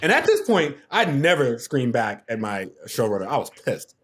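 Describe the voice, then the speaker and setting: A man's voice: medium pitch, wildly swooping pitch, moderate pace, fairly bright tone. A TV producer on a podcast as a guest, telling a story animatedly, acting out the quotes and laughing as he goes.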